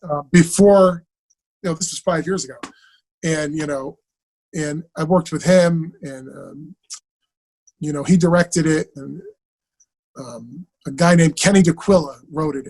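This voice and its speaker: A man, an actor guest on an interview, telling stories in an animated, casual way and acting out the dialogue. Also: a little high, measured pace, pauses often. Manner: animated, acts out quoted dialogue.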